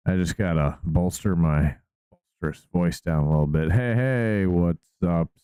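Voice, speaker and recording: A man's voice: sits low, normal speed, dark tone, clean tone. A man co-hosting a podcast, talking in a rambling, playful way with frequent restarts. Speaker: podcast co-host. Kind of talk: casual podcast chat.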